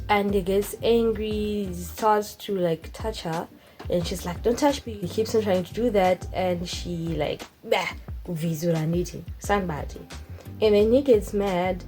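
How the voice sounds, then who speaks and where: A woman's voice: medium pitch, low-quality recording. A young woman, chatting casually and expressively to camera in a vlog. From Zimbabwe. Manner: animated, expressive, emphatic. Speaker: vlogger.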